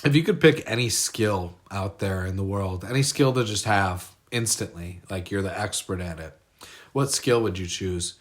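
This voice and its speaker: A man's voice: low voice, moderate pace. A man co-hosting a podcast, chatting casually, swearing constantly and laughing loosely. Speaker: podcast co-host. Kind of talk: casual crude chat. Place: garage.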